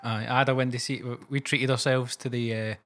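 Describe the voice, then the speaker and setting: Scottish male podcast co-host, quick and bright, animated storyteller. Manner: animated storytelling, mimics shrill voices. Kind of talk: casual chat.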